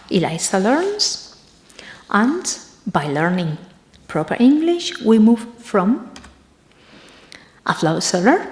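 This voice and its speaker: A woman giving an academic conference talk, in a halting way that often pauses to search for the next word. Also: medium pitch, roomy sound. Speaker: conference presenter.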